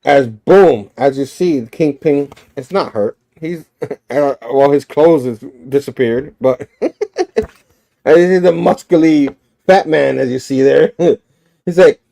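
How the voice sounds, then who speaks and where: A man's voice: fairly high pitch, slow pace, creaky, mellow. A man reviewing a comic, retelling its story animatedly with sound effects and frequent laughs.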